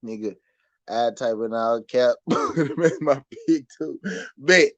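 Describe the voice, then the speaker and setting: A man with a Southern US accent hosting a casual live boxing chat, animated and repetitive, swinging from muttering to loud outbursts. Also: medium pitch, slow. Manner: animated, swings from muttered to shouted, laughs often, repeats himself. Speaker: boxing show host.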